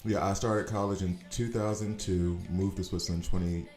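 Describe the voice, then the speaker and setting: A man in his forties from the United States, rambling and chatting casually as he comments on a game stream, quick to laugh. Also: low-pitched, steady tone, a little mellow. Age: 40s. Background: faint background music.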